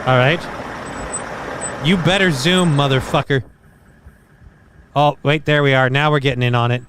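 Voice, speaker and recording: A man's voice: medium pitch, fairly even intonation, normal speed, fairly bright tone, slight background noise. A man hosting a live stream, reacting to videos with sardonic, profane jokes. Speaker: show host.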